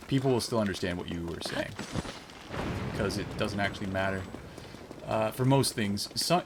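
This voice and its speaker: Low-voiced man rambling on a game stream. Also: background noise. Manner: rambling, musing aloud with fillers and self-corrections. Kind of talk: casual live-stream chat while gaming.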